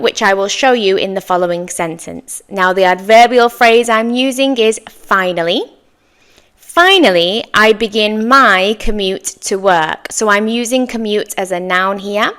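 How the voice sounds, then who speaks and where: A woman teaching an English lesson, saying example sentences slowly and clearly for learners to repeat, with encouraging praise. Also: mid-range voice, a bit bright. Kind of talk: slow, clear language lesson with repeat-after-me drills.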